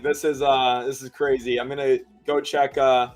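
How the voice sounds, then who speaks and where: A young man hosting a casual sports livestream, laughing nervously as he reads donations out loud. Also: mid-range voice, flat delivery, normal speed, faint music behind. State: nervous, excited. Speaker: livestream host.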